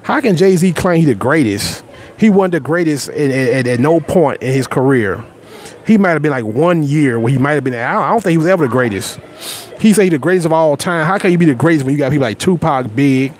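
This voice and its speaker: A man's voice: fairly high pitch, animated, fairly quick, darkish tone. A man with a Southern accent hosting a casual livestream, greeting viewers by name, rambling and boastful with frequent repeated words and restarts. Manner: blunt and boastful. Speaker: livestream host. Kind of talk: casual live chat with viewers.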